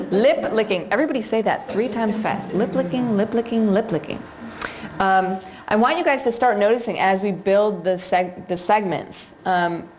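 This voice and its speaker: A woman's voice: lowish voice, a little mellow, a little hiss or hum. Woman lecturing a seminar audience. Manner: conversational, addresses audience, many fillers. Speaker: seminar instructor on dog behavior.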